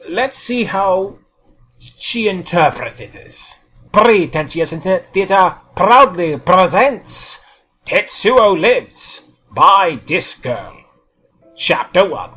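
An animated man hosting a podcast and reading a fan fiction story aloud with theatrical flair. His voice is high and very lively, with a bright tone. The audio is dull and lo-fi, with faint music playing underneath. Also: breathy edge. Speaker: podcast host and reader.

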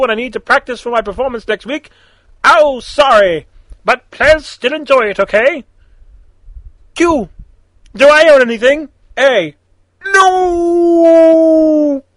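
A man's voice: very high voice, a bit bright, dry recording, rough recording. A man reading fan fiction aloud, with casual, chatty asides.

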